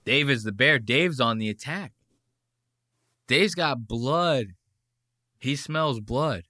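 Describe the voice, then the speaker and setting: A man's voice: medium pitch, expressive, takes it slowly, bright, forceful tone, no room sound, studio quality. A man hosting a podcast and commenting on clips in a casual, rambling, profane way. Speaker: podcast host.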